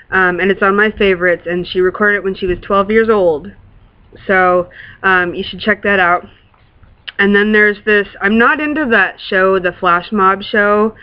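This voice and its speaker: An adult vlogger rambles excitedly to the camera, gushing and swearing casually between plenty of fillers. The voice sits at a middling pitch, and the recording sounds a little dull and lo-fi. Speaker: works in a classroom.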